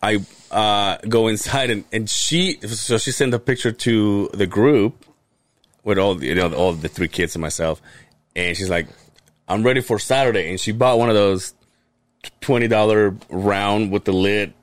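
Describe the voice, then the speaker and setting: A podcast co-host with a fairly low voice talks at normal speed in a recording with no echo. In casual chat he tells a long, rambling story, swearing a lot and frequently starting over.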